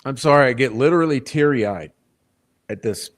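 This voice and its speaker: A man's voice: mid-range voice, normal speed. A male reaction host who comments emotionally on a clip, swearing freely. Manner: emotional, profane, animated.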